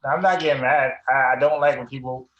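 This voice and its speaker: A man's voice: medium pitch, fairly even intonation, fairly quick, fairly bright tone, echoey room, dull audio, a little hiss or hum. A man hosting an online debate show, firm and insistent, repeating himself to make a point. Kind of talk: heated debate.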